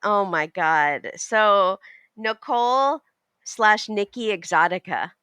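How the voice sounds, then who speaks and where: A woman's voice: mid-range voice, animated, slow pace, bright, forceful tone, clean tone, no echo, studio quality. A woman guest on a podcast, chatting about reality TV with wry jokes. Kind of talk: casual chat about TV.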